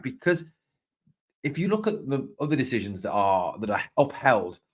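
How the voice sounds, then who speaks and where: A man's voice: on the low side, a bit bright, husky. A man hosting a live fan podcast, talking emphatically, repeating his points and greeting viewers by name. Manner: emphatic, repeats points, opens with "now, look"; reads viewer comments and greets them. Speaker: podcast host.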